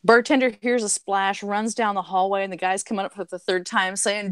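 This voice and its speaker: A woman's voice: medium pitch, level tone, fairly quick, fairly bright tone, smooth, dry recording. A woman on a podcast telling long jokes in casual chat, with lots of fillers and little acted voices. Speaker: podcast guest.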